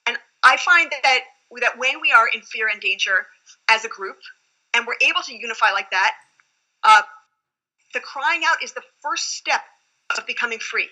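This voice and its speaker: Bright, high-voiced woman rabbi teaching. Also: lively intonation, normal speed, low-quality recording. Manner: earnest, reflective teaching tone. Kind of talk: Torah study conversation.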